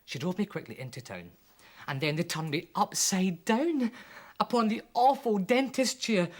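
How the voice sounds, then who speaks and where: A children's TV presenter reads a comic poem aloud for young viewers. The delivery is animated and theatrical, with big swings in pitch that rise into squeals and sink into hushed asides. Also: moderate pace. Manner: animated, with voices for the characters.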